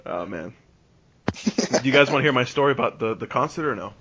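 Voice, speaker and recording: A man's voice: medium pitch, lively intonation, brisk, a bit bright, slight background noise. A man in his twenties telling a long story on a podcast, rambling and restarting, full of "like". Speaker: podcast host. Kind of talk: casual storytelling. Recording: dull lo-fi podcast recording.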